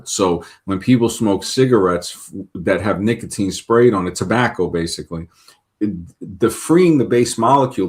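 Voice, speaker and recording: A man hosting a talk show, rambling with lots of restarts and repeated words. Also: low-pitched. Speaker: show host. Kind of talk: casual talk-show conversation.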